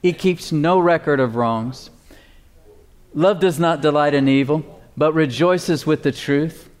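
A man preaching a sermon, slowing down to stress key phrases and calling for responses from the congregation. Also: on the high side, a little mellow. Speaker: pastor.

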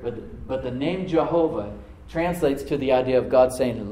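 A man preaching to a congregation, reading scripture aloud and then dropping to a soft voice to stress a point, calling for responses from the room. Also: medium pitch, normal speed, roomy sound, low-quality recording. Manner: asks the congregation to answer back. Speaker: pastor. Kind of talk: sermon. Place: church service with a live congregation.

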